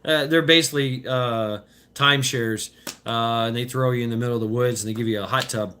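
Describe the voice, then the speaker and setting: A man in his fifties talks off the cuff with a bright, forceful edge to his voice, full of fillers, restarts and casual swearing. He chats with viewers while out walking, with a faint hiss of noise behind him. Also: mid-range voice, steady tone. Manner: loose, profane, halting with many fillers and restarts. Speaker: vlogger reading viewer chat. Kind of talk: rambling casual live chat. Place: outdoors on a walk.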